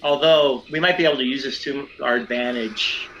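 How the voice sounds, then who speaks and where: A man playing in a tabletop role-playing session, talking in an animated, theatrical way and laughing often. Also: medium pitch, a little fast, slight background noise, rough recording. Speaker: player.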